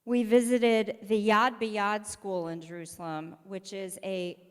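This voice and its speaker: A woman rabbi tells a story from the pulpit in a relaxed, conversational way, voicing the people she quotes. Her voice sits at a middling pitch. The sound carries the long reverb of a large synagogue sanctuary. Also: measured pace, clean tone. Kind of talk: sermon, personal storytelling.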